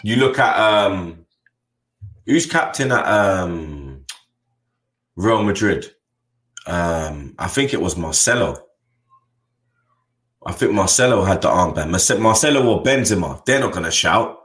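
A man's voice: low voice, lively intonation, unhurried, pauses often, fairly bright tone, roomy sound. A man, a football fan channel host talking bluntly in casual chat, full of slang and tag questions. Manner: blunt, slangy, keeps adding "you get me".

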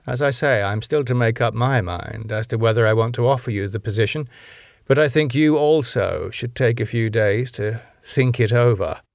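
A man's voice: medium pitch, normal speed, vocal fry, no echo, studio quality, lightly acted. A man voicing a senior male police chief who speaks formally and probes with careful questions. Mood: grave.

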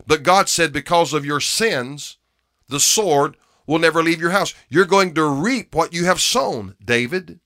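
A man preaching a sermon with emphasis, repeating key phrases and dropping from loud to hushed. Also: on the high side, expressive, unhurried, no echo, clean studio sound.

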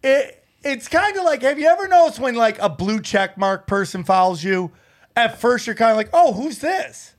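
A man hosting a podcast, telling stories in casual chat, animated and swearing freely. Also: very high voice, normal speed. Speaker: podcast host.

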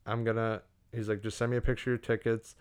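A man's voice: fairly low pitch, little pitch movement, fast, clear, resonant tone. A young man casually telling a profane story on a podcast, acting out what everyone said.

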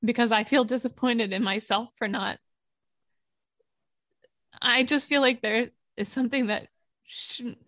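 Impassioned higher-voiced woman, dry and close. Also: steady tone, a little slow, long pauses, a bit bright, no echo. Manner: earnest, impassioned, rambling. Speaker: podcast co-host. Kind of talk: casual political discussion.

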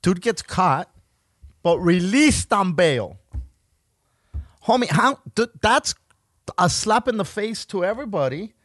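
A man hosting a comedy podcast, ranting in an animated and profane way into a close mic. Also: high voice, slow, pauses often, no echo. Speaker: podcast host. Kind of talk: casual comedy podcast chat.

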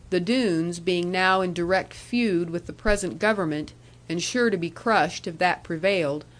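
A woman reads a classic novel aloud in a measured, even storytelling voice. Her pitch sits in a middle range, steady and unhurried. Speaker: audiobook narrator.

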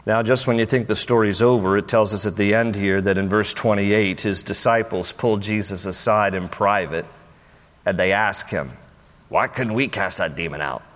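A man preaching a sermon, telling a Bible story with playful acted-out voices, then turning softer and earnest. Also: fairly low pitch, steady tone, normal speed, in a large hall. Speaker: pastor.

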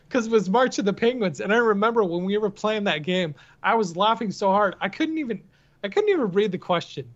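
Rambling higher-voiced male podcast host. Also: lively intonation, fairly quick, highs cut off. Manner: rambling, laughing storyteller. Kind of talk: casual chat.

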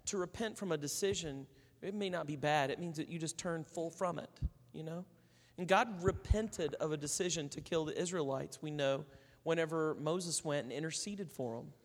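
A man's voice: on the high side, moderate pace, long reverb tail. A man preaching a sermon in a conversational way, telling stories and acting out the people in them. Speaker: pastor.

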